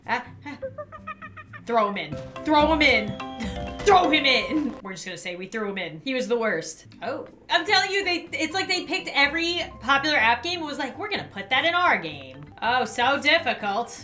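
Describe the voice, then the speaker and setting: A young woman playing a mobile game on camera, giving excitable running commentary, shrieking and laughing and talking to the animals. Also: high-pitched, brisk, few pauses, music in the background. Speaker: gaming YouTuber.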